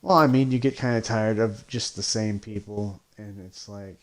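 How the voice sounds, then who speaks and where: A man's voice: on the low side, fairly even intonation, normal speed. A man who makes independent comics, chatting casually on a podcast in a hesitant, rambling way with many restarts.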